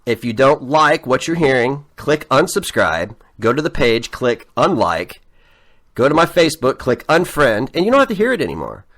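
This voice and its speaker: A man's voice: mid-range voice, big pitch swings, moderate pace, a bit bright. A man, hosting his show with a blunt, profane, agitated rant. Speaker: show host. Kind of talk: ranting monologue.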